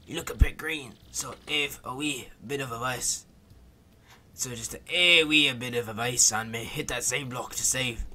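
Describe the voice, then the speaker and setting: A man voicing a gruff, blunt bomb creature in a video game. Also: medium pitch, sharp tone, slight background noise, voice pushed down, close to an everyday voice.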